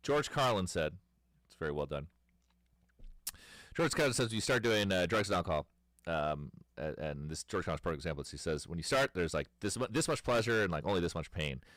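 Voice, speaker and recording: A man's voice: low-pitched, a bit bright, no room sound, studio quality. A man in his thirties chatting casually on a livestream, telling rambling stories and laughing often. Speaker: streamer.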